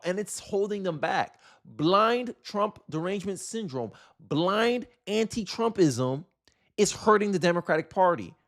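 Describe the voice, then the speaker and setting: A young man hosting his own channel, giving casual political commentary in an exasperated, rambling way with many restarts. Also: sits high. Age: young adult.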